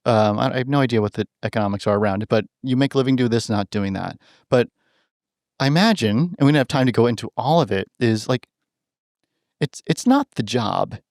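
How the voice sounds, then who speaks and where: A man's voice: medium pitch, brisk, dry recording. Chatty man telling stories, dry sound. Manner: animated, acts out quoted voices, keeps adding "right?"; restarts and repeats words while thinking aloud. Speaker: podcast guest, animal communicator. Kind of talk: casual storytelling in conversation.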